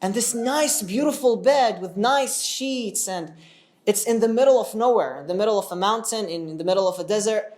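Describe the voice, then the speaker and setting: A man telling a religious story in a casual, animated way, asking his listeners questions as he goes. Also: sits high, normal speed. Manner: animated, chatty, asks the audience questions.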